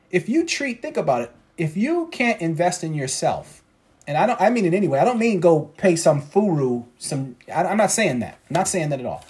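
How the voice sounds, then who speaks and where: A man's voice: high-pitched, big pitch swings, fairly quick, darkish tone. A man coaching traders in a motivational talk, preachy and repeating his points for emphasis. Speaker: trading coach.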